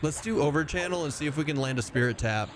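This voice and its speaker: A man's voice: on the high side, lively intonation, fast, background noise. A man streaming a game live, chatting casually with his viewers in a rambling way and swearing freely. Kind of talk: casual live-stream chat while playing.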